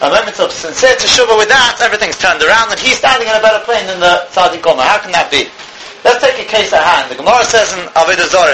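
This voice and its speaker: A man giving a Torah talk in a sermon style, earnest and quick, with frequent restarts and many Talmudic terms. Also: sits high, bright, forceful tone, slight background noise, poor audio.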